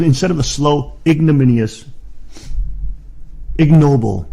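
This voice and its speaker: A middle-aged man preaching in a fiery rant, swinging from low muttering to shouted insults. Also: gravelly, slightly rough.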